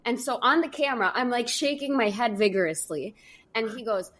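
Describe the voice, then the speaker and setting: A woman hosting a podcast interview, a lively storyteller who acts out the voices in her stories. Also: a little high, a little fast. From New York. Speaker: podcast host.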